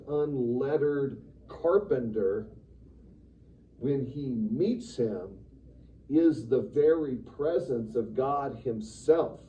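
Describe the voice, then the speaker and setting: A man teaching a church Sunday school class in a lively, conversational way, acting out the quotes he reads. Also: medium pitch, very slow. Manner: animated, conversational, acts out quotes with sudden loud bursts. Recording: distant, dull room recording with faint noise.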